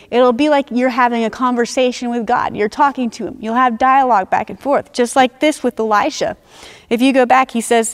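A woman with a fairly high voice preaches a sermon. She talks in an earnest teaching way and slows down to stress the phrases that matter most.

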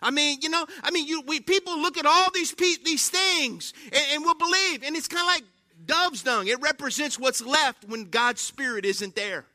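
A man's voice: very high voice, normal speed, dry recording, clean studio sound. A man preaching a sermon, telling stories animatedly, acting out exclamations and often asking the congregation questions. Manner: animated storytelling with acted-out exclamations; asks the congregation frequent questions.

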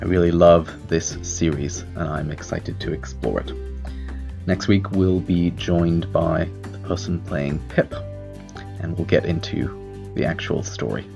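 A man hosting a podcast, speaking in a friendly, unhurried way as he introduces a gamebook reading. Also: low voice, fairly even intonation, vocal fry, dull audio, music in the background. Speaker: podcast host and reader.

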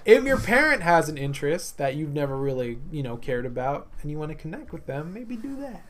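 A man's voice: a little high, sing-song, a little fast, noisy background. A young man co-hosting a casual chat podcast, laughing often and swearing freely in a loose, joking way. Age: young adult. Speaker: podcast co-host.

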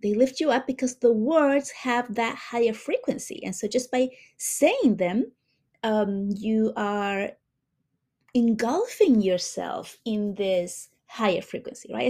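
A woman hosting a spiritual healing talk, speaking gently and addressing her listeners warmly. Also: a little high. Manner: slow, soothing, warm-hearted, addresses listeners as beautiful souls.

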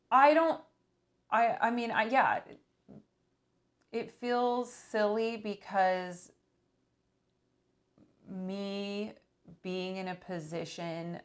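A woman who counsels couples, talking reflectively with her partner and thinking aloud. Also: fairly low pitch. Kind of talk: casual couple's conversation.

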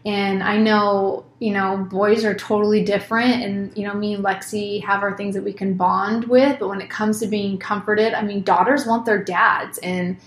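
A woman's voice: medium pitch, fairly even intonation, moderate pace, hardly any pauses, roomy sound. A woman in her thirties talking casually and openly as a co-host, swearing freely and acting out her own words. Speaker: podcast co-host, mother. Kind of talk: casual conversation.

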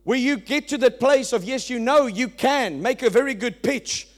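Preaching as a pastor, this man is emphatic, moving from booming statements to soft asides. He speaks at a moderate pace in a very high pitch.

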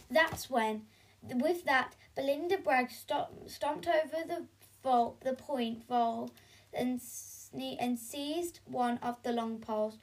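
High-voiced woman reading a children's story. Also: takes it slowly. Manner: animated, with sound effects and stumbles. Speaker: reader.

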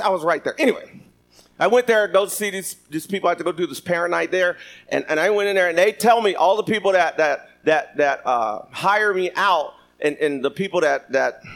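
A man's voice: sits high, vocal fry, a bit bright. A man preaching a sermon, reading scripture and joking with the congregation. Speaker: pastor. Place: church sanctuary.

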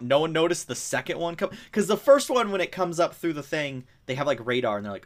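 A man co-hosting a casual podcast, recapping a film in an animated, rambling way and laughing often. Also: mid-range voice, fast, hardly any pauses. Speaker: podcast co-host. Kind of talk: casual chat. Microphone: remote call.

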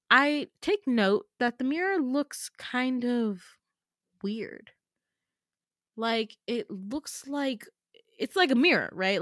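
A woman's voice: on the high side, a bit bright, no room sound. Chatty young woman podcast host, dry sound. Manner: chatty, swears, lots of "like" fillers, self-mocking laughs. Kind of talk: casual dream storytelling. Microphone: home podcast mic.

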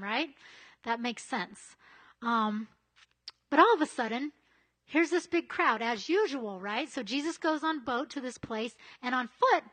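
A woman's voice: high voice, a bit bright. A woman giving a casual, conversational sermon, full of chatty asides and frequent "right?" checks with her listeners. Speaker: preacher.

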